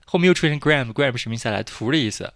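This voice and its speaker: A man's voice: mid-range voice, animated, very fast, a bit bright, dry recording, studio quality. A man hosting an English lesson podcast, chatty and casual, explaining vocabulary with lots of repetition. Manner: chatty, repeats himself, laughs at jokes. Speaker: English teacher, podcast host.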